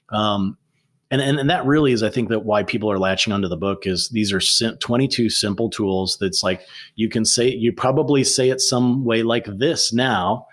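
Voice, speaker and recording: Animated storytelling man, lowish voice. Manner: animated storyteller, many restarts. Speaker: author and guest. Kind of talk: conversational interview.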